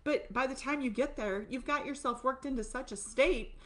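An enthusiastic woman teaches a breathing course straight to camera. She talks fast and lively, throwing in playful asides. At times she moves off the mic to show the exercise. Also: high voice. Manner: excited, fast-talking, animated asides. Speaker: course instructor.

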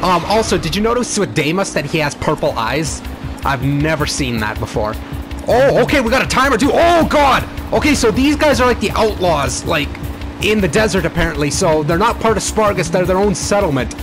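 Young male gaming host, excitable, sweary, lively pitch, music under. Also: brisk. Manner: excitable, swears, frantic exclamations. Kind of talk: let's play commentary.

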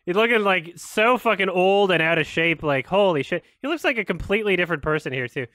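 A man hosting a casual reaction video, laughing often, swearing and breaking into loud excited exclamations between quieter musings. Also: high-pitched, fast talker, no echo, studio quality.

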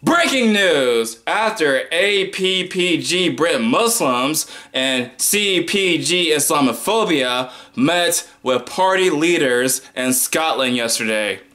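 Brief: American male commentator, loud and mocking, slow deliberate delivery, bright tone. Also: fairly high pitch, animated. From United States. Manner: loud, mocking, breaks into laughs. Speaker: political commentary vlogger. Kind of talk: casual opinion commentary.

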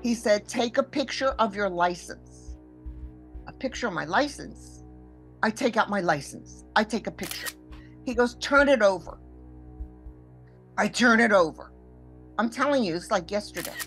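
A woman's voice: mid-range voice, normal speed. Older woman retelling a scam, music under. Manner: vivid, acts out quoted voices, shifts between hushed and loud. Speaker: scam victim telling her story. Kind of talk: emotional first-person storytelling.

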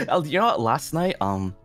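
A man's voice: on the high side, a bit bright. A young man chatting casually as a guest over drinks, rambling with many fillers and frequent laughter. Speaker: guest streamer.

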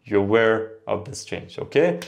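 A man's voice: on the low side, expressive, creaky. Man teaching sounds, patient. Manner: explanatory, repeats words slowly for learners. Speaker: Arabic teacher. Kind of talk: online language lesson.

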